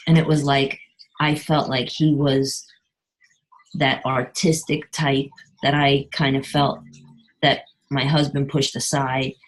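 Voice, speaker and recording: A middle-aged woman caller sharing on a video call, speaking haltingly and clearing her throat often, heard over poor call audio. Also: extremely low pitch, flat delivery. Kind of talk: personal sharing on a group call.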